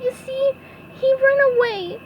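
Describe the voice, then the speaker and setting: A woman reading a storybook aloud and voicing a squeaky, cheerful young sponge boy who is often tearful. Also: measured pace, highs cut off, a little hiss or hum. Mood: upset. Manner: high-pitched and earnest, sometimes crying.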